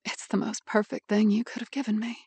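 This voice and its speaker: A woman voicing a shy, petite young woman who speaks in a hushed, slightly raised voice. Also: medium pitch, unhurried, gravelly, slightly rough, dry recording.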